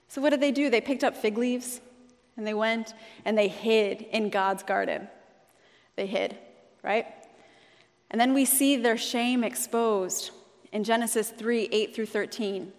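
A woman's voice: fairly high pitch, fairly even intonation, measured pace, pauses often. A woman pastor preaching a sermon in a conversational, storytelling way, in a church sanctuary. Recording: long hall reverb.

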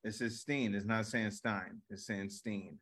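A man's voice: on the low side, steady tone, unhurried, a bit bright. A man co-hosting a comedy podcast in casual chat, joking and laughing often.

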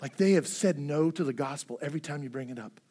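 A man preaching a sermon in an earnest way, swinging between hushed, low passages and emphatic, louder ones. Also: fast talker, breathy edge. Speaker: pastor.

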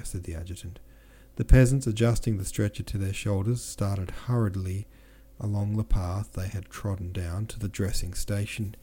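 A man reading a classic novel aloud as a podcast narrator, steady, with small slips he corrects himself. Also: fairly low pitch, normal speed, few pauses. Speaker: audiobook narrator and podcast host.

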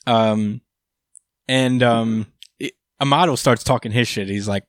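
A man's voice: medium pitch, unhurried, no room sound, clean studio sound. Laid-back man swearing through a casual recap. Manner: laid-back, swears freely, laughs often, many fillers.

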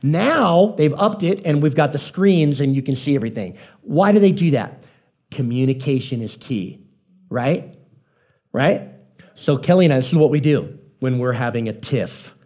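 A male pastor giving a conversational sermon with a mellow, slightly high voice. He tells homely anecdotes and keeps asking his listeners whether they follow. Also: lively intonation, moderate pace. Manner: folksy storytelling, asks the audience questions.

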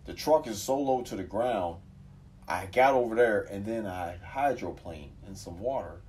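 A man telling a wild, profane story in casual chat, acting out the quotes loudly. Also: fairly low pitch, lively intonation, moderate pace, a little hiss or hum. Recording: voice from far off the mic.

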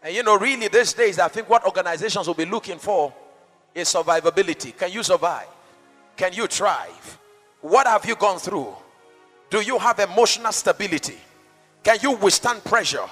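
A male pastor preaches with a high, sharp, forceful voice, rising into shouts and dropping to quiet asides. He is heard in a large church hall with a long reverb, and faint music plays underneath. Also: expressive, normal speed. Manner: dynamic, rhetorical, swings between shouting and soft asides. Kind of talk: sermon.

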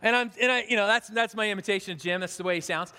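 A pastor delivering a sermon in a notably high voice, talking conversationally and poking gentle fun at himself. He stops and restarts his phrases often, and a long hall reverb trails after his words. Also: very fast. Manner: conversational, self-deprecating, with frequent restarts.

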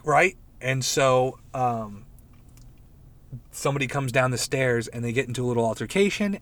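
A man's voice: mid-range voice, moderate pace, dry recording. Rambling, profane young man recapping a show. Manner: rambling, profane, animated retelling with quoted voices. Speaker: podcast host reviewing a show. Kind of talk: casual chat.

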